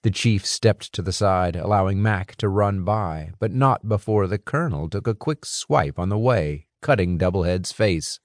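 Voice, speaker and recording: A man narrating a fantasy audiobook in a dramatic, expressive way, close to a studio mic. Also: low-pitched, moderate pace, hardly any pauses, dry recording. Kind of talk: scripted narration.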